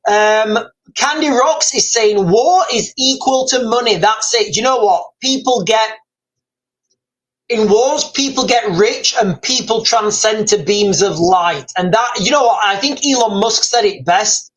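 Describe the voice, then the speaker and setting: On a rough recording, a British man hosting a livestream offers meandering news commentary full of "guys" and "like." His voice is high-pitched, expressive and a bit bright, and he speaks a little slowly.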